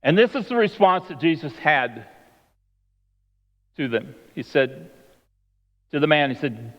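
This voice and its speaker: Preacher in a reverberant church hall. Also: male voice, fairly high pitch, very animated, measured pace, pauses often. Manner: storytelling, acting out the voices of the people in the story. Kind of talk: sermon. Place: church sanctuary. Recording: long hall reverb, dull lo-fi sound.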